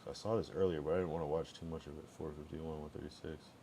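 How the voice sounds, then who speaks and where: A man's voice: very deep voice, fairly even intonation, fast talker, gravelly, warm tone, a little hiss or hum. A man streaming live, chatting casually and rambling through his thoughts with many restarts.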